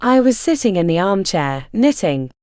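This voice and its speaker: Woman narrator, first-person literary audiobook, animated rise and fall, dry close sound. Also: medium pitch, no echo. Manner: measured first-person storytelling.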